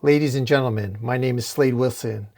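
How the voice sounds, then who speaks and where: Grizzled old mercenary, measured speech to a crowd, steady mid pitch, read by a man. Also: lightly acted. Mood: stern.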